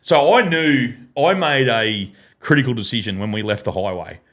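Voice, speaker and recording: Man, 30s, mid-pitched, sweary laughing storyteller, podcast guest. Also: normal speed. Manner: sweary, laughing mid-sentence, animated yarn-spinning. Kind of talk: casual storytelling. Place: podcast studio.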